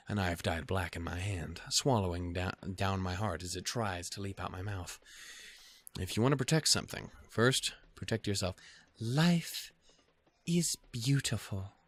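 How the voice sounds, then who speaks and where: A young man hosting a let's play, swearing and joking as he reads the game text aloud. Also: low voice. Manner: crude, joking, swears a lot. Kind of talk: casual game commentary.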